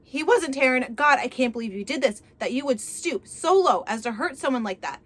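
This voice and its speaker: A woman's voice: high voice, lively intonation, fairly quick, a bit bright. A woman reading an earnest young woman defending her love. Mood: insistent, upset. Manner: pleading, insistent.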